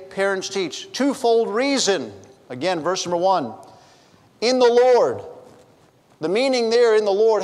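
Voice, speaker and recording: A middle-aged man whose voice sits high preaches a sermon as pastor in a church sanctuary, with a long reverb tail. He uses humor, telling funny family stories and bantering with the congregation through chatty asides.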